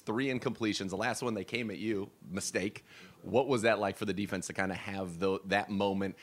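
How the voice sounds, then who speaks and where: A man's voice: fairly low pitch, steady tone, fairly quick. A man hosting a sports radio show, asking long, enthusiastic questions.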